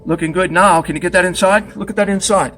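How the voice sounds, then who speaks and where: A man's voice: high voice, fairly even intonation, fast talker, a bit bright, a little hiss or hum. A man teaching pottery at the wheel in a studio, chatty and joking as he demonstrates step by step.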